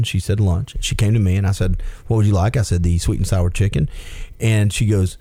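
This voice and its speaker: A man co-hosting a talk show, telling stories in a casual, self-deprecating way. His voice is mellow and dark. The recording is close and dry, with no room sound. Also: on the low side, steady tone, brisk, dry recording. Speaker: co-host. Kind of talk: casual chat, storytelling.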